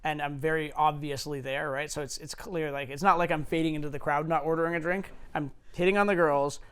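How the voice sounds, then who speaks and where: Man telling stories, smooth voice. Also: on the high side, fairly even intonation, a little fast. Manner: swearing, filler-heavy, anecdotal. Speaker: dating coach. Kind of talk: casual storytelling.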